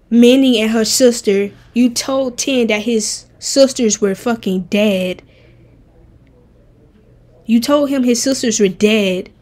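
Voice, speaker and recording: Woman streamer talking game characters, blunt and swearing, kinda high voice. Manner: blunt, profane, animated. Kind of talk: casual game tier-list chat.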